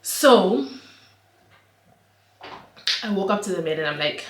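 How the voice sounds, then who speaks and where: A young woman, telling an animated, slangy storytime for her vlog. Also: medium pitch, slow, long pauses. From Namibia. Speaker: vlogger. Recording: roomy echo.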